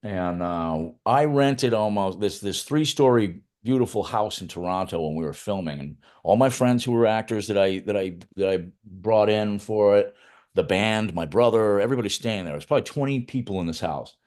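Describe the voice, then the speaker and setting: A man's voice: fairly low pitch, normal speed, a little mellow. A middle-aged man, a film writer-director, telling loose, profane anecdotes in a casual interview, with frequent restarts.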